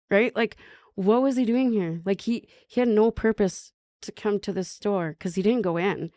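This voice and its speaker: A woman from northern Manitoba, candidly telling her own recovery story as a podcast guest, halting and restarting often. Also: mid-range voice, dark tone, dry recording, studio quality. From northern Manitoba, Canada. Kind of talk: personal recovery story, conversational.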